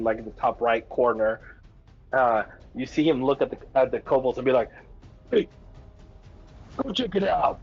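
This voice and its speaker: A man narrates a tabletop game as its game master, talking in a loose, rambling way with plenty of fillers and restarts. His voice sits at a middle pitch. The recording is dull and lo-fi, with faint music in the background.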